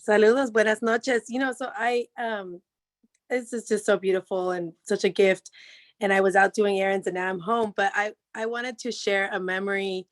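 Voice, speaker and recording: Reflective woman, halting speech. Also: medium pitch, steady tone. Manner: reflective, halting, with many fillers and restarts. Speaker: guest speaker, former actor in the play. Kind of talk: personal reflection on a video call.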